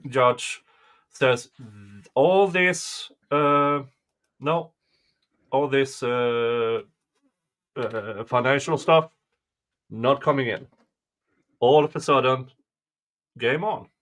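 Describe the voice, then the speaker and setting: A man with a Swedish accent co-hosts a casual livestream discussion of a trial. He speaks slowly and haltingly, with frequent fillers. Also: medium pitch, a bit bright. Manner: slow, halting, with many fillers. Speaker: livestream co-host. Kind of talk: casual commentary chat.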